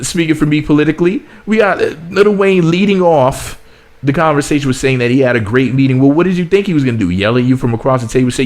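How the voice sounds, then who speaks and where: An American man rants through political commentary in a blunt, sarcastic voice. His pitch sits in a typical middle range. He often repeats himself as he builds his points. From United States. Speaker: commentary vlogger.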